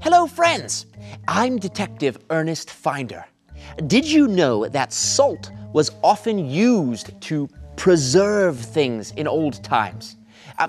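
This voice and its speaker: A man playing a jokey detective character who tells a groan-worthy story. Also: a little high. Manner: folksy joke-telling, laughs at own joke. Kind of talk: scripted comic segment.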